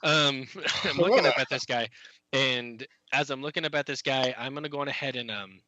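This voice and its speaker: A man's voice: mid-range voice, fairly quick, pushed and bright, no room sound, dull audio. A man playing a tabletop game, describing what his character does. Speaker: player.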